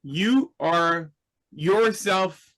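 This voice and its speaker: A man's voice: sits high, animated, very slow, fairly bright tone, poor audio. A man teaching a class in a patient, explanatory way, asking his students questions. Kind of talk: slow, deliberate Hebrew grammar lesson.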